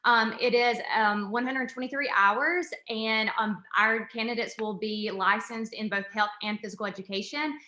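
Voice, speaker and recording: A woman, an assistant professor presenting a program in a fast, excited, chatty way. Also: on the high side, echoey room.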